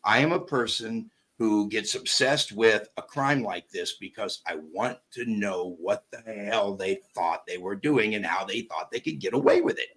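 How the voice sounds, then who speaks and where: A man's voice: lowish voice, normal speed, hardly any pauses, fairly bright tone. A man talking casually as a guest, blunt and emphatic, peppering his talk with "you know". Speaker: guest commentator. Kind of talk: casual chat.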